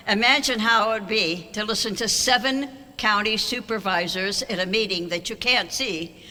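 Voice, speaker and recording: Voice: mid-range voice, bright, forceful tone. An older speaker giving a wry, anecdotal banquet speech as an award honoree, at a podium microphone in a large auditorium. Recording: long hall reverb.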